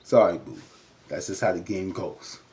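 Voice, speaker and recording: A man giving a casual recap of a reality show episode, chatty and full of "you know" fillers, jumping up in pitch whenever he acts out what the cast said. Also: normal speed, mellow.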